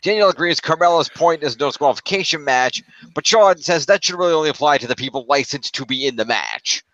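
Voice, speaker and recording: A man's voice: a little high, animated, quick pace, fairly bright tone, no echo, lo-fi sound. A man co-hosting a podcast, recapping a wrestling show in casual talk. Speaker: podcast co-host.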